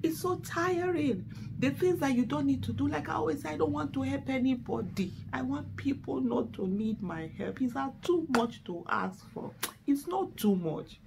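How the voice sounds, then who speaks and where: A woman's high-sitting, gravelly voice carries lively intonation at normal speed, with background noise behind her. She is a middle-aged Nigerian activist with a Nigerian accent giving an impassioned speech to camera, fervent and building to exasperated outbursts, tearful and close to breaking down.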